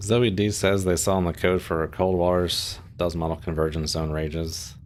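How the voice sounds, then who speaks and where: A man's voice: deep voice, little pitch movement, measured pace, a little hiss or hum. A man chatting casually on a live stream while playing a submarine game, rambling with fillers and restarts.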